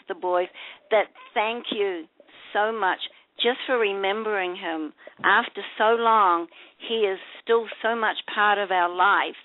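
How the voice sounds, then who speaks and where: A woman's voice: medium pitch, no room sound. Older woman, fading voice, phone line. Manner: emotional, grateful, heartfelt. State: losing her voice. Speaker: guest, widow of the honoree. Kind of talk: radio show interview.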